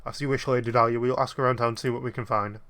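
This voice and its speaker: A man reading as a polite gentleman professor sleuth. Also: mid-range voice, fairly even intonation, natural voice. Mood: courteous. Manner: measured, courteous, formal reading.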